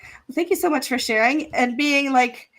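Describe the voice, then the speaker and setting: Speaking at normal speed, this event host has a high, slightly bright voice. Connected by remote video call, she keeps the live-stream chat casual, laughs a lot and gives thanks to sponsors.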